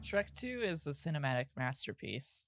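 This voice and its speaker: A woman's voice: deep voice, sing-song, normal speed, loud music behind the voice. A young adult woman guesting on a podcast, telling stories in a chatty way full of "like". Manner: chatty, filler-heavy storytelling. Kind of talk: casual chat.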